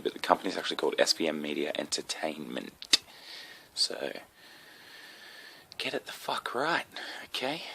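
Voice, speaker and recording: A young Australian man rambles through a solo comedy podcast, swearing freely and tossing in asides. His voice sits very low with a gravelly fry, yet comes across bright and forceful, with a sick, slightly coughy edge.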